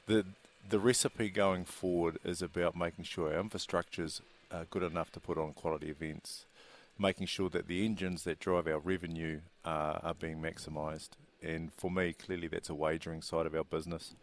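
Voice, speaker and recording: Deep-voiced New executive. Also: male voice, little pitch movement. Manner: measured, businesslike, with fillers. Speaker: racing industry chief executive. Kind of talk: studio interview.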